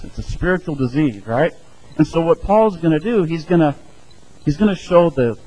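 A male pastor delivers a sermon in a relaxed, conversational way. His speaking voice sits a bit high for a man, and he often acts out short quoted exchanges in lively put-on voices. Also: lo-fi sound.

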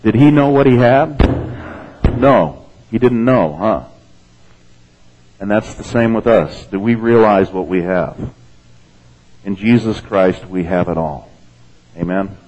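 A man's voice: lowish voice, slow pace, pauses often, a little mellow, dull audio. A man preaching a sermon, reading scripture and explaining it in a conversational way while often checking in with "okay?". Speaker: pastor.

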